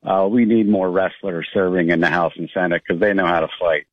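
A man's voice: sits low, fairly even intonation, fairly quick, no echo. A man from Pennsylvania calling a radio show, talking at length in a plain-spoken, puzzled way. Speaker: caller. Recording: phone line.

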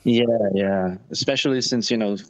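A man's voice: lowish voice, moderate pace, no echo, rough recording. A man answering interview questions about touring, talking casually with many fillers and restarts. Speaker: touring musician, interview guest.

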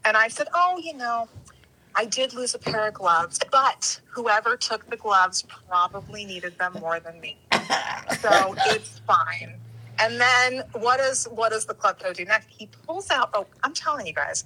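A woman with a bright, slightly high and husky voice tells a casual story. She is animated and jumps into playful voices for the people she quotes. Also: low-quality recording.

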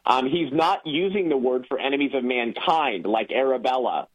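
A man's voice: medium pitch, normal speed, breathy edge. A man calling in as a guest on a radio talk show, explaining at length with frequent fillers. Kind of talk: casual radio conversation. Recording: tinny phone line.

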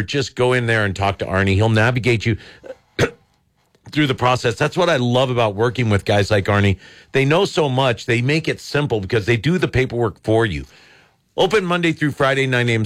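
A man's voice: mid-range voice, no room sound, clean studio sound. A man hosting a call-in radio show, chatting casually with callers and laughing often between reads. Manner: laughing, exclaiming, upbeat.

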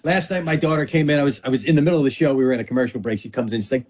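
A man guesting on a sports podcast, chatting casually and telling lively stories with acted-out quotes. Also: mid-range voice, very fast, slightly rough. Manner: animated storytelling with acted-out quotes.

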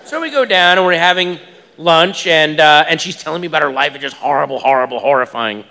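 Animated male comic with a lively voice. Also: a little high, fairly quick, slight background noise. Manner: animated, incredulous, self-mocking. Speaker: stand-up comedian. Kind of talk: stand-up storytelling. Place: live comedy venue, large hall. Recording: long hall reverb, faint ambience.

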